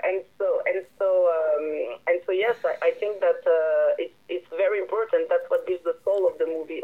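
A woman's voice: on the low side, slightly rough. Woman filmmaker, tinny phone line, keeps restarting and hunting for words. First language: French. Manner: halting, searching for English words, many restarts. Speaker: filmmaker and director. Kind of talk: interview answers.

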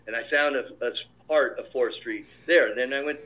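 A film director telling stories in a casual interview, acting out what people said. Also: male voice, mid-range voice, fairly quick. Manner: animated storyteller, acts out quoted dialogue. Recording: tinny phone-like line.

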